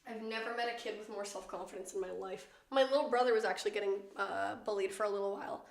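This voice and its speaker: A woman's voice: mid-range voice, fast talker, vocal fry. A young woman chatting casually while she cooks on a stream, laughing often and swearing freely. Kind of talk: casual chat while cooking. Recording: echoey room.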